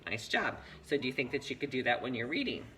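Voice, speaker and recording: A man's voice: medium pitch, very animated, fast talker, bright, forceful tone, low-quality recording. A man teaching a one-on-one reading lesson, patient and encouraging, explaining step by step.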